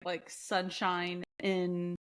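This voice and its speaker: A woman co-hosting a podcast, chatty and animated as she retells a story with laughs. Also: fairly low pitch, very slow. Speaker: podcast co-host. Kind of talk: casual podcast chat.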